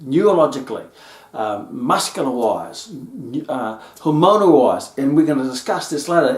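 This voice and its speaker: A man's voice: a little high, darkish tone. A man hosting a solo health talk, playful and acting out scenes as he explains. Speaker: health podcast host. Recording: roomy echo.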